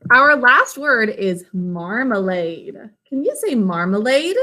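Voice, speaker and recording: A woman's voice: fairly high pitch, big pitch swings, slow pace, bright, forceful tone. A woman teaching a spelling lesson to children, patiently sounding words out syllable by syllable over a video call.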